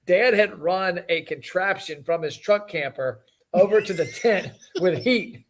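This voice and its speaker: A man hosting a casual chat, telling stories and joking with his father. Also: high voice. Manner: joking, storytelling, fast and animated. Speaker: podcast host.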